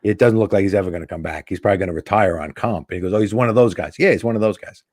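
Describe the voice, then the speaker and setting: Man telling a lively set story. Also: low-pitched, very fast, dry recording, clean studio sound. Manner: animated anecdote teller acting out quoted dialogue. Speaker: guest comedian. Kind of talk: casual storytelling.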